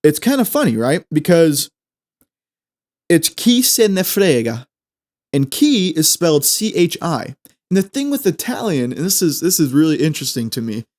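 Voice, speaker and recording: A young man, hosting a podcast and chatting casually through a language lesson, repeating phrases slowly as he explains. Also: fairly high pitch, sing-song, darkish tone. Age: 20s. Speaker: podcast host.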